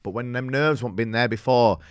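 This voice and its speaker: A man's voice: mid-range voice, a little fast, smooth, no echo, studio quality. A man hosting a podcast, bantering bluntly and swearing freely. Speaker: podcast host. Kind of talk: casual chat.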